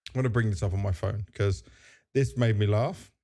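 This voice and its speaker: A man's voice: lowish voice, steady tone, fairly quick, creaky, mellow. A man hosting a casual podcast, chatty and joking as he leads the conversation. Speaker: podcast host.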